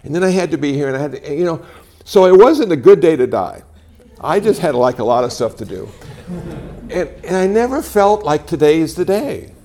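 Lively gravelly man in his sixties. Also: a little high. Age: 60s. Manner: animated storytelling with wry humor. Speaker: speaker giving a talk. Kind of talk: conversational talk to a live audience. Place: talk venue before an audience.

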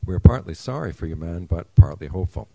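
Kindly, formal creator god from a storybook, very deep and dark-toned, read by a man. Husky, dry. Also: expressive, quick pace, no echo, exaggerated voice. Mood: solemn. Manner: solemn, formal storybook reading.

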